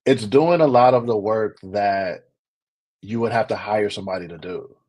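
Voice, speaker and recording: A man in casual live-stream chat, animated and repeating himself when he makes a point. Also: fairly low pitch, moderate pace.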